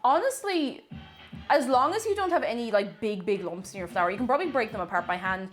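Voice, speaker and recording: An Irish woman chats casually during a live baking stream in her home kitchen, calling out viewers by name and repeating her words. Her fairly high voice has lively intonation and a slightly quick pace, with faint phone music in the background.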